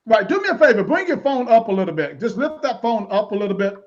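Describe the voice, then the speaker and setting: Male live-show host, high voice, talkative, dull streamed audio. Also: very animated, quick pace. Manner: chatty, repeats words, laughs easily. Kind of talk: live online interview show.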